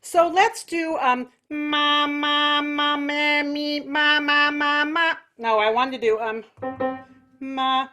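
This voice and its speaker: High bright-voiced woman teaching vocal exercises. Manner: nasal quacking vocal exercises between slow spoken instructions. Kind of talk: online singing lesson with vocal demonstrations.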